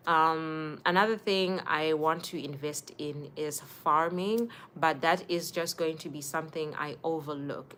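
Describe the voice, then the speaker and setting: A young woman, hosting a casual livestream and chatting warmly with viewers by name. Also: deep voice, slight background noise. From Zimbabwe. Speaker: livestream host.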